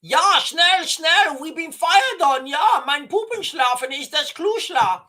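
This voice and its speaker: A man voicing flustered German soldiers under fire with a hurried mock-German accent. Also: very high-pitched, expressive, bright, forceful tone, pitched above the performer's own voice, exaggerated voice. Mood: alarmed.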